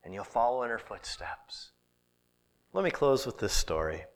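A middle-aged man preaching a sermon, telling stories with animated delivery and dropping to a hushed whisper at times. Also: medium pitch, normal speed. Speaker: pastor.

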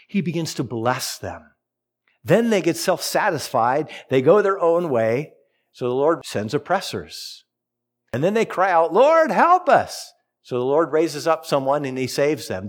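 Animated man preaching a sermon. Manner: storytelling, animated with big pitch swings. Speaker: pastor.

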